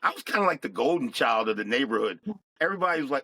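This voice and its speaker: A middle-aged man telling his life story as a guest, in a plain, reflective, unhurried way. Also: medium pitch, lively intonation, bright, forceful tone, no room sound, low-quality recording. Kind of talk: personal storytelling.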